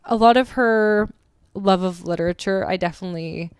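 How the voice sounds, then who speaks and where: Chatty woman, smooth dry voice. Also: medium pitch, moderate pace, no room sound. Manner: chatty, laughs often, acts out quotes in playful voices. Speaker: podcast co-host. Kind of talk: casual book club chat.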